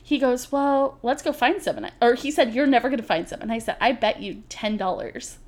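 A woman's voice: on the high side, brisk, a little mellow. A young woman co-hosting a podcast, telling a story in casual chat with lots of laughter and acted-out quotes. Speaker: podcast co-host.

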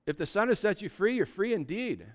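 A man preaching a sermon as pastor, talking conversationally and building to loud, emphatic peaks, often acting out what people say. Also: high-pitched, very animated, a little fast. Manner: acts out quoted voices of believers.

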